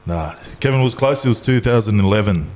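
A man's voice: on the low side, animated, fairly quick, noisy background. A man co-hosting a casual podcast, running a quiz in a playful, teasing way. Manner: playful, teasing, laughs often. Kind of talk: casual chat.

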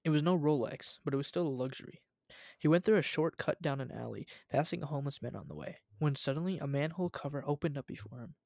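A man's voice: fairly high pitch, fast talker, creaky, no echo, studio quality. Young man reading a story aloud. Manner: relaxed, laughs at his own reading. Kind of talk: casual chat and story reading.

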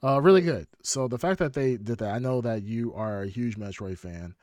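Male podcast host, mid-pitched, dry close sound, rambling and animated. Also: moderate pace, dry recording. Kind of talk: casual chat.

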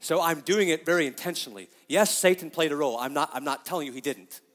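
A man's voice: on the high side, quick pace, a bit bright, big-room sound. A middle-aged man preaching a sermon as pastor, emphatic and often asking his congregation questions.

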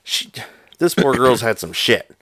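A man co-hosting a podcast, telling a story in casual, profane, animated chat. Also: medium pitch, measured pace, no room sound, studio quality. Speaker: podcast co-host.

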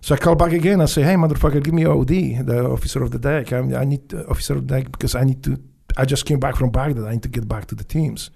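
Gravelly Polish-accented man telling war stories. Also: mid-range voice, a little mellow. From Poland. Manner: blunt, profane, halting with restarts and broken English. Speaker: guest, former Navy SEAL. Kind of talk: casual storytelling interview.

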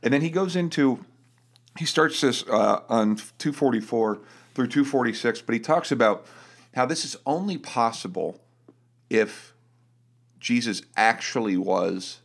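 A man's voice: mid-range voice, expressive, measured pace, vocal fry. An easygoing man co-hosting a casual faith podcast, who jokes and reads passages aloud. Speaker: podcast co-host.

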